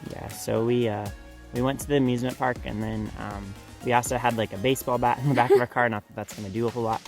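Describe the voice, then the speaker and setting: A young man co-hosting a vlog, recounting a day in casual chat, pausing often on "uh" and "um". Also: mid-range voice, steady tone, darkish tone, faint music behind. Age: young adult. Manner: halting, many "uh" and "um" fillers. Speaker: vlog co-host.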